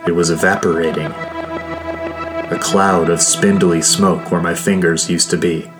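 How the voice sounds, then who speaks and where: A man with a very low voice telling a first-person adventure story at an unhurried pace. His delivery is measured and steady, with faint music playing underneath. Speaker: narrator.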